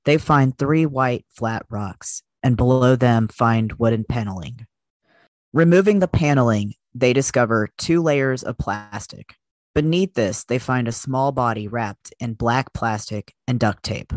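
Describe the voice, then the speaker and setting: A man's voice: mid-range voice, measured pace, no echo. A man co-hosting a podcast, telling a true-crime story with his own opinions mixed in. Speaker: podcast co-host.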